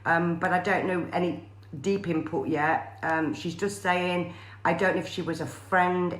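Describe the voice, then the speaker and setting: A woman psychic medium, doing a live-streamed spirit reading in a halting way full of fillers and pauses. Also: deep voice, reverberant. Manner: hesitant, many fillers and pauses.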